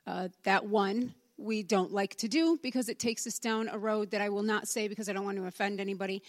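A woman from the congregation tells a personal testimony as a relaxed story and acts out the dialogue as she goes. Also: medium pitch, brisk, no echo. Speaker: church member giving a testimony.

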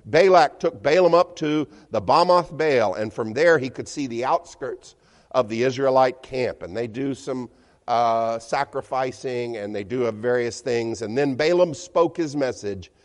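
A man's voice: mid-range voice, a little slow. A male pastor preaching a sermon in a chatty, storytelling way with chuckles, to a church congregation. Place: church hall. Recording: long church-hall reverb.

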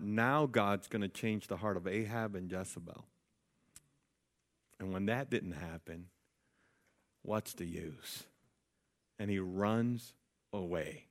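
A man preaching a sermon, telling a story with lively voices for the people in it and often checking in with his listeners. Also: fairly low pitch, unhurried, pauses often. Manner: animated storytelling, acting out quoted people.

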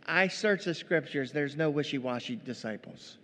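A man preaching a sermon as pastor, animated and acting out quoted voices, in a church. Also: fairly high pitch, measured pace, in a large hall.

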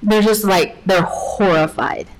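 A woman's voice: medium pitch, slow pace, low-quality recording. A woman giving a casual Bible teaching to women, chatty and full of "like", acting out the story as she tells it. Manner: chatty, peppered with "like", acts out the story. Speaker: women's ministry speaker.

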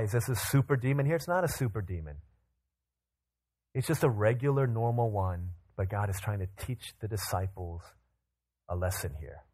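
A man in his thirties preaching a sermon, telling Bible stories with lively acted-out quotes. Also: fairly low pitch. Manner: animated storytelling, acts out quotes in bursts. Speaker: pastor.

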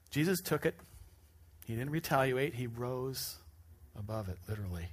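A pastor preaching a sermon to a congregation, joking and self-deprecating with animated asides. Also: male voice, medium pitch, moderate pace. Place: church stage before a congregation. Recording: music playing behind the speaker.

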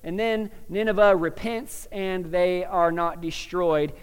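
High-voiced, clear preacher in a big hall. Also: male voice, slow pace. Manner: conversational, animated, stammering restarts, laughs at his own jokes. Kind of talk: sermon. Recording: long reverb of a large hall.

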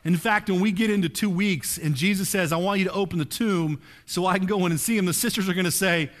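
A man preaching a sermon in a conversational, animated way, often checking in with his listeners. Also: sits high, normal speed. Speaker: pastor.

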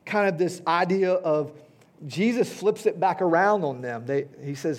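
A man in his fifties delivers a sermon to a congregation, his voice sitting somewhat high for a man. He preaches in a conversational way, pausing often to check in with listeners with a quick "right?" or "okay?". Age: 50s. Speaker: pastor. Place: church hall before a congregation.

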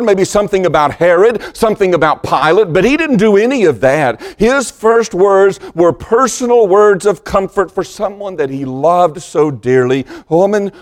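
A man preaching a sermon as pastor, slow and deliberate, dropping to a hushed voice when quoting scripture. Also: high-pitched, animated.

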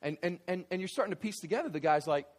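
A male pastor preaches in church with a fairly high, very lively voice. He tells stories with animated energy and swings between conversational asides and emphatic, shouted points. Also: fast talker. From Southern United States. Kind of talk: sermon.

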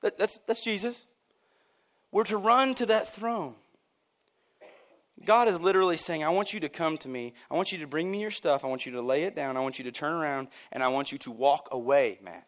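A man preaching a sermon at a church service. His voice jumps high and loud on his points, then falls low and quiet. Between those points he drops in casual asides with a chuckle. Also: brisk. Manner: animated and emphatic, swinging from loud bursts to near-quiet. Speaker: pastor.

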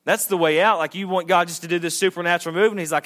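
A married man preaching a sermon to a congregation, speaking casually and swinging from loud emphatic lines to quiet asides. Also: high-pitched, steady tone, very fast, hardly any pauses. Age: adult, married. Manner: conversational preacher, rising to emphatic peaks and dropping to quiet asides. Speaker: pastor. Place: church sanctuary before a congregation.

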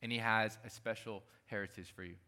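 A man's voice: on the low side, steady tone, brisk, sharp tone. A man preaching a sermon as pastor, talking emphatically and repeating his key phrases.

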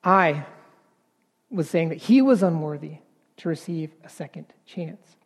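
Slow, earnest man preaching in a hall. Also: a little high, lively intonation, breathy edge. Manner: earnest, halting with repeated words, swelling to emphatic passages. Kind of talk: sermon.

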